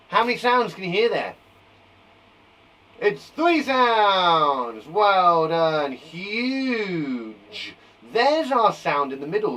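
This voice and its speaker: A man teaching a live phonics lesson to young children from a garden shed, upbeat and encouraging, sounding out words slowly. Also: high voice, pushed and bright, far from the mic, rough recording. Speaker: primary school teacher.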